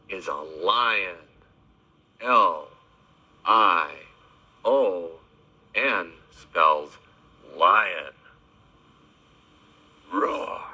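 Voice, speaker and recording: A man teaching children animal names in a slow, sing-song voice, spelling each word letter by letter. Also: on the low side, bright, forceful tone, husky, highs cut off. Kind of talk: spelling lesson for kids.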